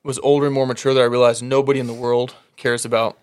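A man telling animated football stories in casual chat, laughing often. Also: mid-range voice, quick pace, clean tone.

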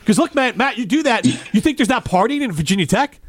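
A man's voice: extremely high pitch, lively intonation, fairly quick, no echo, studio quality. A man hosting a casual sports talk show, arguing and teasing his co-hosts. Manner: argumentative, teasing. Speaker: host.

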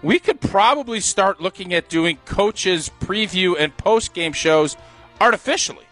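Bright-voiced opinionated male radio co-host. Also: high-pitched, unhurried, soft background music. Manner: opinionated, laughs often, animated. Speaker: radio co-host and former football player. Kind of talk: casual sports talk.

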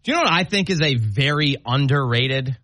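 A man's voice: mid-range voice, lively intonation, fairly quick, fairly bright tone, dry recording. A man co-hosting a morning radio show, bantering playfully and laughing often. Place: radio studio.

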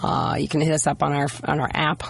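A woman co-hosting morning radio while hoarse from the flu, chatting and teasing. Her voice is gravelly with vocal fry and comes out raspy. She speaks into a studio microphone. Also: deep voice, big pitch swings, a little fast, no room sound. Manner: chatty, teasing, tells family stories. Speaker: radio morning show co-host. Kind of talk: casual on-air banter.

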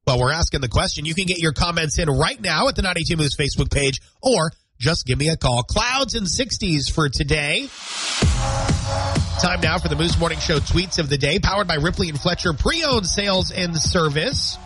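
A man's voice: fairly high pitch, lively intonation, moderate pace, music in the background. A male radio morning show host with a nasal, congested voice, bantering upbeat from the studio.

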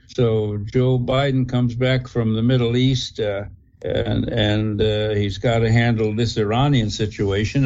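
A man giving opinionated commentary on a radio talk show, halting and full of fillers. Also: medium pitch, darkish tone, muffled recording. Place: radio studio.

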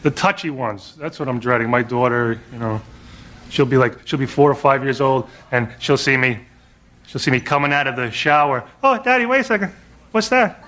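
A man from New York doing a stand-up routine in a deadpan, self-mocking manner, heard in an old recording with a loud crowd and noise. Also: medium pitch, normal speed. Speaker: stand-up comedian.

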